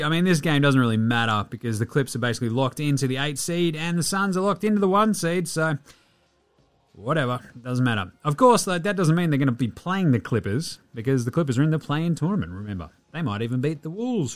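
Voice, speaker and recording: An Australian man hosting a casual sports podcast, joking and swearing as he rattles off stats. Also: mid-range voice. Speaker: podcast host.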